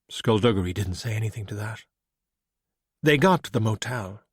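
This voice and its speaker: A man narrating an audiobook with steady, even storytelling. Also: fairly low pitch, moderate pace, long pauses, slightly rough, no room sound, studio quality.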